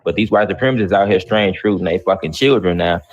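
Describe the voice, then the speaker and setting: A fairly low-pitched man hosts a livestream and argues bluntly. He swears freely and pushes back hard on the people he talks with. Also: fast talker, muffled recording. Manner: profane, blunt, confrontational. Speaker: livestream host. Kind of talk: heated casual talk.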